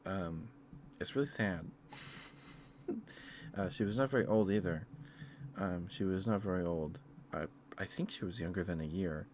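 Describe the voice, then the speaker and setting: A man rambling in a soft-spoken ASMR style, hesitant and full of fillers, tender and easily moved. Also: low voice, moderate pace, pauses often, slight background noise. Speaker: ASMR streamer.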